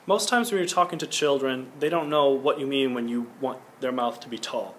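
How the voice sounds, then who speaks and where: A young man with a medium-pitched voice speaks briskly, with slight background noise, while giving an earnest singing lesson for a school project. As the teacher, he explains each point and now and then sings a short vowel to demonstrate.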